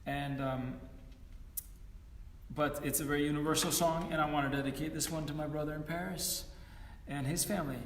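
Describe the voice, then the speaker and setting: A man's voice: on the high side, steady tone, normal speed, slight background noise. Distant, roomy-sounding male musician chatting. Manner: rambling and self-deprecating, with many fillers. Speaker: musician playing an online concert. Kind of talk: casual chat between songs.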